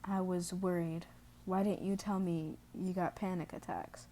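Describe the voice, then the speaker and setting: A woman reading the lines of a hot-tempered young male mutant turtle, shouting at first and then hushed and gentle, in her own mellow voice. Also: on the low side, fairly even intonation, measured pace, slight background noise, close to an everyday voice. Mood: soothing.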